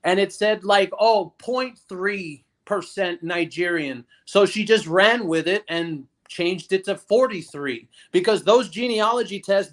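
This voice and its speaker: High-voiced man in a casual chat. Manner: conversational, rambling. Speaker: guest on a live stream. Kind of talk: casual live-stream chat.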